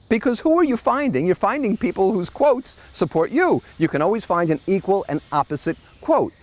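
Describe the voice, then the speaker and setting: A middle-aged man hosts a commentary monologue in a sardonic, mocking tone. His voice sits a touch high for a man and swings widely up and down, with bursts of incredulous emphasis. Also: wildly swooping pitch, a little fast, hardly any pauses, no room sound. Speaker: host. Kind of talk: monthly opinion commentary monologue.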